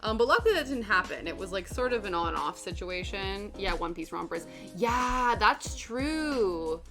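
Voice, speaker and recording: A chatty young woman talks through small stories in a loose, rambling way while she stitches on a stream. Her voice sits at an ordinary middle pitch. Background music plays clearly underneath. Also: animated, normal speed. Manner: chatty and rambling, reads chat aloud. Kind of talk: casual chat while cross stitching.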